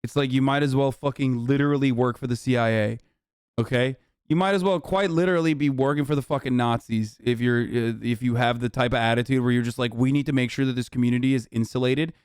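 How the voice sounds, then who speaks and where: A man's voice: medium pitch, fairly even intonation, a little fast, smooth, no room sound, clean studio sound. A man hosting a livestream, reacting in casual, profane, heated commentary with a mocking edge. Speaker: streamer host.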